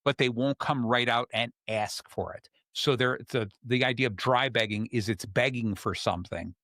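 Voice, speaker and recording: A man's voice: medium pitch, normal speed, sharp tone, no room sound, studio quality. A man hosting a podcast, explaining in casual chat with acted-out examples and plenty of fillers. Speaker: podcast host.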